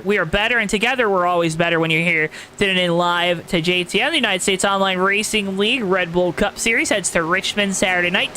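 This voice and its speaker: Bright-voiced man in announcer mode. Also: high-pitched, a little hiss or hum, rough recording. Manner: exaggerated announcer voice, talks straight to the audience. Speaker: race commentator. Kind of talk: play-by-play sim racing commentary.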